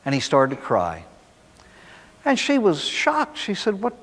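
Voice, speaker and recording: Folksy priest in an echoey hall. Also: male voice, mid-range voice, sing-song, normal speed. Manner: folksy storytelling with rhetorical questions. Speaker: priest giving a recovery talk. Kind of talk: recovery talk to a live audience.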